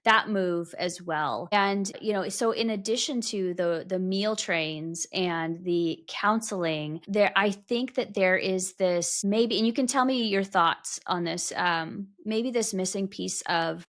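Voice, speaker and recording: A woman's voice: medium pitch, slow pace, hardly any pauses, fairly bright tone. A woman hosting a podcast interview, talking thoughtfully and rephrasing her long questions as she goes. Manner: thoughtful, self-correcting, asks long questions. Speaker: podcast host. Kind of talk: casual interview chat.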